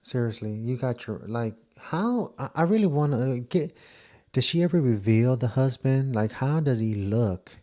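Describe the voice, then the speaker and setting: A man's voice: mid-range voice, animated, unhurried, warm tone. A man giving blunt, casual reaction commentary, with swearing and stop-start phrasing. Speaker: reaction video host.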